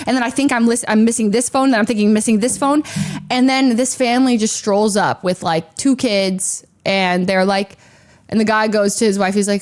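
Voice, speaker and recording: A young woman with a slightly high voice chats casually to her stream audience. She retells things in an animated, breathless way and jumps up into shrill exclamations. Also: normal speed. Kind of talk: casual storytelling to a stream chat.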